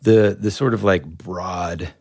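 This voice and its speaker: Gravelly low-voiced laid-back man. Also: slow pace, a little mellow, no room sound, clean studio sound. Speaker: podcast co-host. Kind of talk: casual movie chat.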